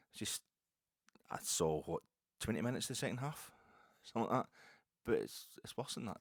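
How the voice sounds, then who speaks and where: Rambling Scottish man with a deep voice. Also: expressive, fairly quick, long pauses, no echo, clean studio sound. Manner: rambling, self-deprecating, stammers on repeats. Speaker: podcast host. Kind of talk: casual storytelling monologue.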